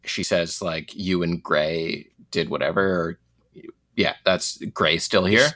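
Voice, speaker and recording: A man's voice: fairly even intonation, slow, fairly bright tone. A man co-hosting a casual chat podcast, laughing often as he talks. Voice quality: laughs often, wide-ranging pitch. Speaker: podcast co-host.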